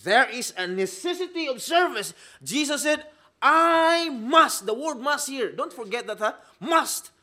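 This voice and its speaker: Animated high-voiced male preacher. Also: normal speed, few pauses. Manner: emphatic, rhetorical questions, swings between loud and soft. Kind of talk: sermon.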